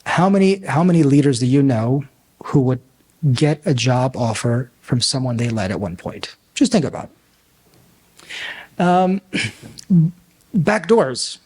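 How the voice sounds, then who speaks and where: A man, a physician and coach, giving a talk at a summit, telling stories and acting out the people in them with big pitch swings. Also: big pitch swings, measured pace, pauses often, darkish tone, breathy edge. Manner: storytelling, acts out dialogue with big pitch swings. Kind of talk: conference talk with anecdotes.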